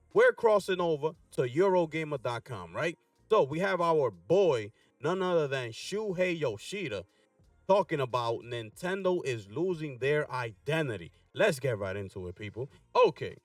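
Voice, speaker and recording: A man hosting a gaming news channel, reading articles aloud with energetic hype and frequent "right?" asides. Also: on the high side, no echo, studio quality, recorded from a distance. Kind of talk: casual commentary reading articles.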